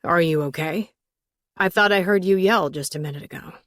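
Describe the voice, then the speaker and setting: A woman's voice: fairly low pitch, moderate pace, fairly bright tone, dry recording, studio quality. A woman reading an audiobook, voicing an obsessive man whose desperate pleading turns threatening. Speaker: audiobook narrator voicing a character.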